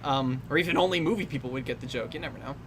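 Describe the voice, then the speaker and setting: Talking very fast in a bass voice, a young woman provides wry, laid-back commentary over a movie. Frequent laughter and trailing half-sentences mark her delivery, and faint noise sits in the background.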